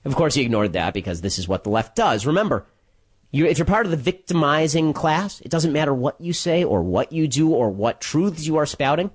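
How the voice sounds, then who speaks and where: A man delivering a solo commentary monologue, telling a story quickly with restarts and sarcastic, mocking asides. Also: fairly high pitch, animated. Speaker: political commentator.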